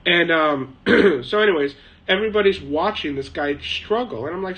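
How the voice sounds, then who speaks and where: Hosting a casual live chat from his shed, a man answers viewer questions in a rambling, chatty style, laughing often and mimicking people. His voice is on the high side and fairly bright at normal speed, with some hiss or hum in a rough recording.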